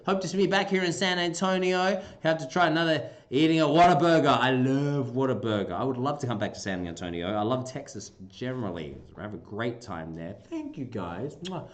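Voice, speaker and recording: A man hosting a casual livestream, chatting playfully with viewers and breaking into goofy squeaky bursts. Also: lively intonation, a little fast, hardly any pauses. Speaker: livestream host. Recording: roomy echoey room.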